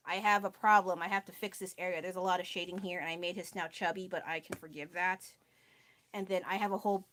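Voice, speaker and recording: A woman's voice: fairly low pitch, fairly bright tone. A tired young woman, chatting casually on a live stream while she paints. She rambles, laughs at herself often and loses her train of thought. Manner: rambling, scattered, self-deprecating, laughs often.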